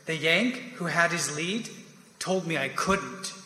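A man's voice: fairly high pitch, slow, sharp tone, exaggerated voice. A man reading the part of an eager young army lieutenant who keeps pleading with his superior in a staged play reading. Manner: wheedling, persistent, keeps saying sir. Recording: echoey reverberant hall.

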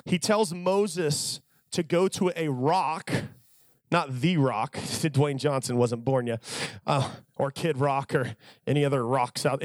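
A man preaching a sermon to a youth crowd, telling stories in an animated, joking way. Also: a little high, no room sound.

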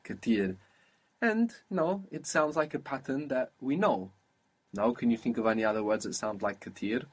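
Man, husky, middle pitch, patient language teacher, slow modelled words. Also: animated. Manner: patient, explains then models words slowly. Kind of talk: one-on-one spoken language lesson.

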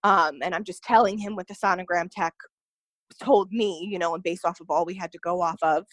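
Her fairly low, fairly bright voice moves briskly with rather even intonation as she tells a podcast audience a personal story. The young woman is earnest and peppers her speech with "like" and "you know," and there's no room sound.

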